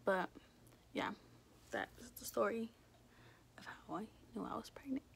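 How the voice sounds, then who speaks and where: Young woman with a gravelly, chatty voice. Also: mid-range voice, a little slow, whispered. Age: young adult. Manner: chatty, animated retelling with frequent fillers. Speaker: vlogger. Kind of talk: casual storytelling vlog.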